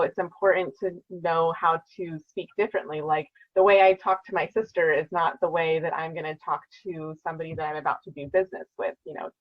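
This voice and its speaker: A woman's voice: low voice, muffled recording. A woman speech-language pathologist, a guest in a casual interview, explaining in a friendly way with many fillers.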